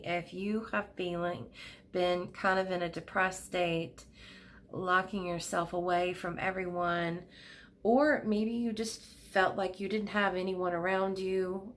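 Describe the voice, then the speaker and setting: A middle-aged woman giving a pick-a-card tarot reading at her desk at home, speaking gently and emotionally, with soothing pauses. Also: on the low side, slight background noise.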